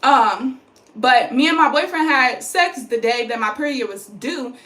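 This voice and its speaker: A young woman casually vlogs to her phone about her pregnancy, sounding tired yet chatty and rambling. Her voice sits high and is animated, a little slow and a bit bright. The recording has a roomy echo.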